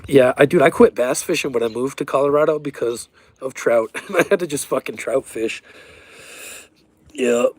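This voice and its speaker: A man in casual chat, rambling through stories with lots of swearing and excitable energy. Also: medium pitch, moderate pace, no echo. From eastern United States. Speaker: livestreamer.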